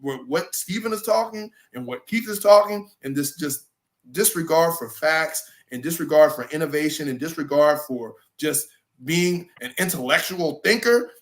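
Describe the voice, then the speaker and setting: A man's voice: a little high, expressive, normal speed. A man hosting a political talk show, arguing emphatically and mocking his opponents. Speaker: show host.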